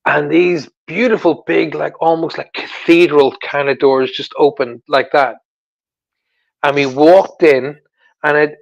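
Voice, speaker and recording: Emotional man telling a halting story. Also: fairly high pitch, gravelly, highs cut off. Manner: halting storytelling with many restarts. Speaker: guest, psychic medium. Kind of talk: personal story in a talk-show interview.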